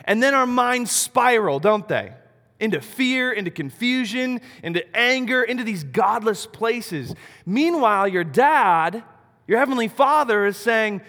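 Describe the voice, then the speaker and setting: A man preaching a sermon, animated, asking rhetorical questions and swinging between loud and soft. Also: extremely high pitch, unhurried. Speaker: pastor. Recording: long reverb of a large hall.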